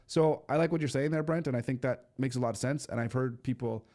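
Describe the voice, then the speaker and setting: Host, male, hoarse and coughing, rambling casual stream talk, mid-pitched. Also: fast talker, mellow. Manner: rambling, with many restarts and fillers; addresses viewers directly. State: losing his voice, coughing. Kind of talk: casual live-stream chat.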